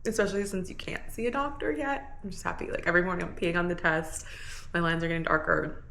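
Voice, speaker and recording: A young woman talks to the camera at home in a loose, chatty way, filling gaps with "like." She sounds tired. Her voice sits a little low, with a faint hiss in the background. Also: fast talker, pushed and bright, roomy sound. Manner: chatty, says "like" often. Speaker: vlogger. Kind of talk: casual pregnancy vlog.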